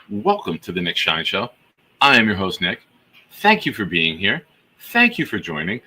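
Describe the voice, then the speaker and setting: Husky, animated male live-stream host. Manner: exuberant hype-man shout-outs, big pitch jumps. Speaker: host of a live fan show. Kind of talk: live-stream chat, reading out gifted memberships.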